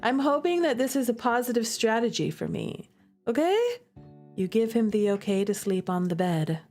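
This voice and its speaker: A woman's voice: on the high side, animated, normal speed, a little mellow. A young woman streaming a visual novel, reading it aloud and reacting in playful, gushing, slangy commentary. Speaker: gaming streamer. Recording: faint music underneath.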